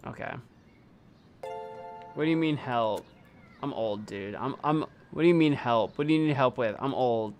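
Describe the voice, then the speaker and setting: A man streaming a game, chatting excitably and breaking into loud, incredulous exclamations. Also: medium pitch, moderate pace, pauses often, faint music behind. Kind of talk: let's play commentary.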